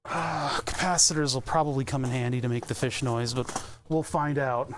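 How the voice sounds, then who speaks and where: A man's voice: medium pitch, steady tone, normal speed, slight background noise. A man casually rambling and joking on a stream from his home workbench, sardonic and full of restarts. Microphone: desk webcam setup.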